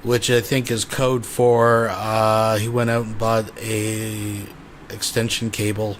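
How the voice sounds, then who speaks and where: A man's voice: fairly low pitch, fairly bright tone, a little hiss or hum. A man hosting a commentary stream, introducing a replay in a sarcastic, offhand way. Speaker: commentary channel host.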